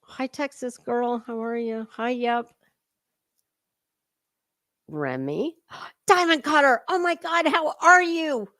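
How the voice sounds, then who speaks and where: A woman's voice: high-pitched, animated, slow, long pauses, sharp tone, no room sound, studio quality. A woman hosting a casual livestream commentary, chatty and swearing freely as she greets her chat viewers by name.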